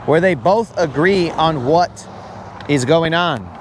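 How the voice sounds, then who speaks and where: A man's voice: fairly high pitch, lively intonation, slow, background noise. A man chatting casually on a live fishing stream, rambling and joking as he acts out imagined callers. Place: outdoors on a lake.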